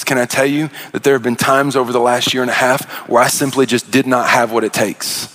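A man's voice: mid-range voice, level tone, a little fast, hardly any pauses, a bit bright. A man preaching a sermon as pastor, impassioned, often repeating words and restarting mid-phrase.

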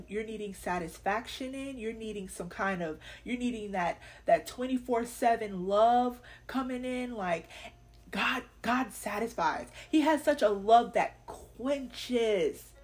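A woman's voice: fairly high pitch, unhurried, a little mellow. Young woman doing a faith podcast, real candid, preachy but loose with slang. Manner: earnest, candid and preachy, with laughs and casual slang. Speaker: podcast host.

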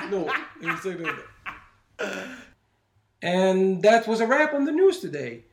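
A man co-hosting a casual movie news chat, animated and laughing often. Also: high voice, slow pace, vocal fry, echoey room. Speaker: co-host.

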